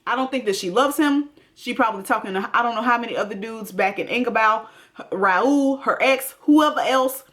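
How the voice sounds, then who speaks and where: A woman's voice: fairly high pitch, normal speed, fairly bright tone. A woman hosting a TV recap, talking in a blunt, emphatic way straight to her viewers. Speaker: TV recap host. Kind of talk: casual commentary.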